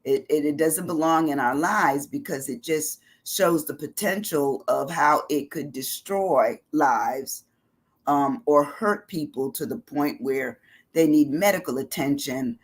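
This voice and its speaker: A woman's voice: sits low, measured pace, breathy edge. A middle-aged woman hosting a motivational live-stream talk, chatty, laughing easily and repeating phrases for emphasis. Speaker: host.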